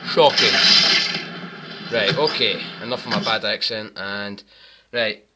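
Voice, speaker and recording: A man's voice: lowish voice, fairly even intonation, measured pace, very noisy. A man giving casual, wry commentary on film mistakes over clips, with sarcastic asides. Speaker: movie mistake reviewer.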